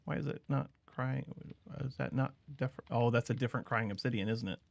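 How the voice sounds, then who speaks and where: A man's voice: medium pitch, a little fast, gravelly, no room sound. A man streaming a game, chatting casually with his viewers while he thinks aloud about what he is doing. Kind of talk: casual gameplay commentary.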